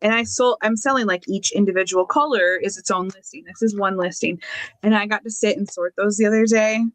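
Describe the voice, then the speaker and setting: A woman's voice: medium pitch, fairly quick, dry recording. A woman co-hosting a casual chat, rambling and enthusiastic with many fillers. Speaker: co-host.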